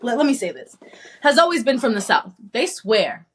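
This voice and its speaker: High, bright-voiced woman ranting bluntly. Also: moderate pace, husky. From not from the American South. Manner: blunt, profane, animated ranting. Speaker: podcast co-host. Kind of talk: casual chat.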